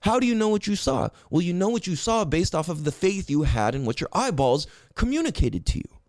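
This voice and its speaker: Male podcast host, young adult, high and lively voice; casual profane sermonizing, close dry mic. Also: no echo. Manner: profane, animated and preachy, swings between loud highs and low drawn-out words. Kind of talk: casual monologue.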